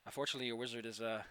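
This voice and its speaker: A man's voice: medium pitch, bright, forceful tone, dry recording. A man running a tabletop game as game master, chatty and laughing often as he narrates.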